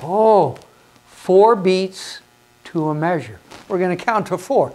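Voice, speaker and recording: A man's voice: sits high, animated, slow pace, darkish tone. A man teaching hymn conducting in an instructional video, patient and encouraging, counting beats aloud and asking questions that he answers himself.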